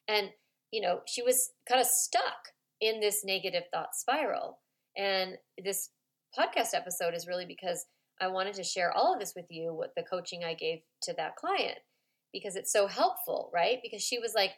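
A woman hosting a parenting podcast as a coach, talking informally with lots of "like" and "right?", softening her voice to model calm replies to children. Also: normal speed. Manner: chatty and informal, full of "like" and "right?"; acts out children's complaints in a high voice. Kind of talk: conversational podcast monologue.

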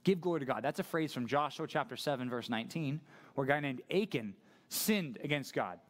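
A male pastor preaching a sermon in a casual, conversational, animated way. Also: medium pitch, a little fast.

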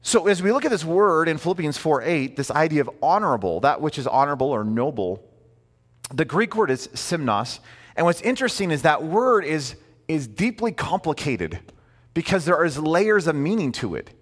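A man preaching a sermon in a conversational, animated way, full of asides and rhetorical questions. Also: on the high side, moderate pace, long reverb tail. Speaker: pastor.

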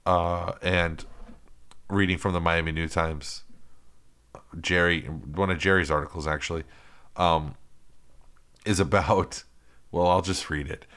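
A man's voice: low voice, steady tone, unhurried, pauses often, a bit bright. A man co-hosting a podcast in casual chat, sardonic and profane, laughing often. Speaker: podcast co-host.

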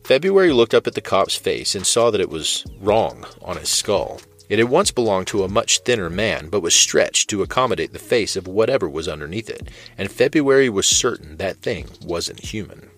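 A man narrating fiction in a steady, measured way. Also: low voice, soft background music.

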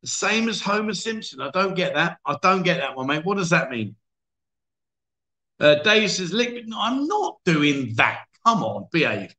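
A man's voice: on the high side, sharp tone. A man hosting a livestream chat show, telling a story in a chatty, self-mocking way and reading out viewer comments. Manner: chatty, self-mocking, full of fillers and voices for quotes.

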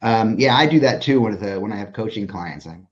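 A man's voice: on the low side, lively intonation, brisk. A middle-aged man, hosting a podcast in casual conversation, telling stories animatedly and swearing freely. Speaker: podcast host and designer. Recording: muffled lo-fi audio.

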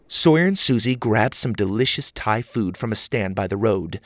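A man reading a children's audio story aloud as narrator, with expressive storytelling. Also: lowish voice, normal speed, no room sound.

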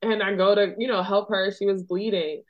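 A woman's voice: mid-range voice, fairly even intonation, normal speed, muffled recording. A woman from Philadelphia, a doctor hosting a podcast, talking in an earnest, chatty way full of "like" and "you know.". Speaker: podcast host and OB-GYN doctor. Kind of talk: casual podcast chat.

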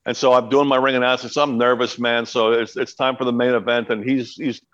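A man's voice: medium pitch, a little fast, highs cut off. A middle-aged man, a podcast guest, telling a story in casual chat and acting out the quotes. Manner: animated storyteller, acts out quotes.

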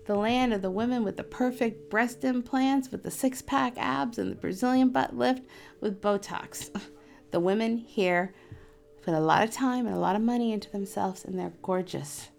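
A woman's voice: on the high side, moderate pace, vocal fry, soft background music. A middle-aged woman casually telling a personal story, chatty and laughing often as she quotes others. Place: in Florida.

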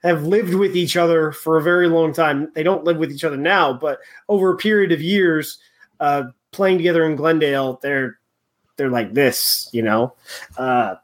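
A man hosting a casual sports chat, talking in halting bursts with many restarts and fillers. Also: on the high side.

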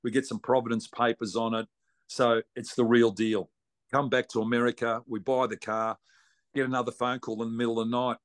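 A man's voice: medium pitch, level tone, a little fast. A man with an Australian accent, a racing guest telling a long story in a blunt, salty, colloquial way. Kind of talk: casual storytelling.

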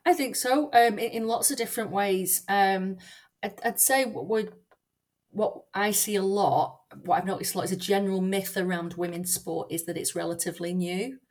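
A woman academic speaking as a guest on a podcast interview, thoughtful and measured, with frequent fillers and restarts. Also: medium pitch.

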